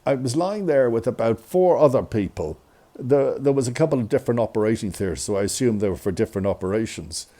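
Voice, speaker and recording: A man telling a funny personal story in an animated, self-mocking way. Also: mid-range voice, fast. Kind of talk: comic storytelling.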